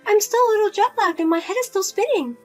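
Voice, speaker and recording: Her voice very high and fast, a woman plays a whiny, nagging widowed mother in a narrated drama, with faint music in the background. Pushy and full of self-pity, she keeps guilt-tripping her daughter and begging for money.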